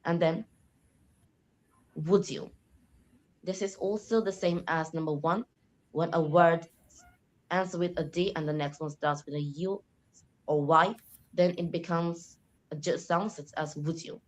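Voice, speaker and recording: A woman's voice: fairly low pitch, fairly even intonation, normal speed, poor audio. Young woman answering an oral exam. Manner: explains with frequent "like" and restarts. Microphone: online call.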